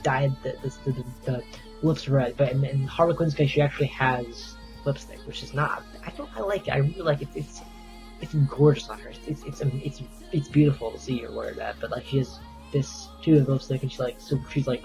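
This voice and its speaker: A man's voice: mid-range voice, fairly quick, gravelly, a little mellow, faint music behind, poor audio. A man giving a casual, enthusiastic movie review in a rambling, stop-start way.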